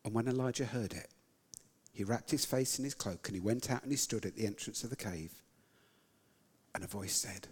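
A man preaching a sermon, retelling scripture dramatically, swinging between loud lines and whispers. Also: medium pitch, animated, fairly quick, husky, big-room sound. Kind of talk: sermon storytelling.

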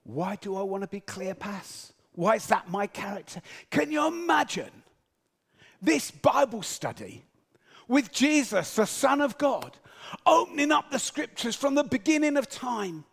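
A man from Britain gives a sermon and retells a Bible story with flair. His pitch rises and falls a great deal. He speaks slowly, with deliberate pauses. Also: gravelly, in a large hall. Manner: storytelling, animated, acts out quotes. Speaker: preacher.

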